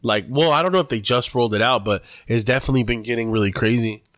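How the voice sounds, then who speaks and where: Sex: male. Role: podcast co-host. Style: casual chat. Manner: laid-back, slangy, cursing. Pitch: middle. Sound: dry, close. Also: fast talker, a bit bright, dry recording.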